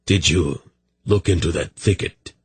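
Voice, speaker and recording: Man reading a curt iron-haired officer, commanding and deep. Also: a little slow, breathy edge, full character voice. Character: stern gray-haired male army captain.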